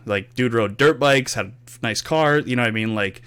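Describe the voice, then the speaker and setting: A man's voice: medium pitch, moderate pace, clean tone. A young man hosting a casual podcast, telling gaming stories with loose swearing and acted-out quotes. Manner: animated storyteller, swears freely, acts out quotes. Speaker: podcast host. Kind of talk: casual storytelling chat.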